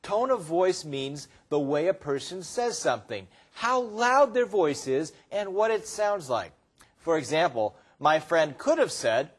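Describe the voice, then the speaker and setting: A man's voice: fairly high pitch, very animated, unhurried, breathy edge. A man explaining English phrases patiently in a scripted teaching dialogue. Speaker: English lesson dialogue partner.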